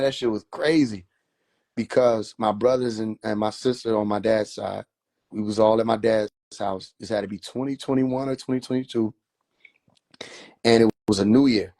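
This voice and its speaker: A man's voice: medium pitch, a little mellow, no echo, studio quality. A man telling a loose, profane story on a phone livestream, laughing often as he talks. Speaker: livestream host.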